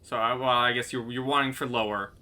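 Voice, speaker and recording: A man with a bright, forceful voice narrates as game master for a tabletop game. He hesitates often, with fillers and restarts. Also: mid-range voice, steady tone, brisk. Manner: hesitant, many ums and restarts. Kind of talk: running a tabletop game and voicing a villager.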